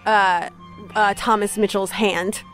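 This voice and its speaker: A woman's voice: medium pitch, fairly even intonation, slow, fairly bright tone, soft background music. A woman playing a tabletop game, chatty and amused. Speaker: player.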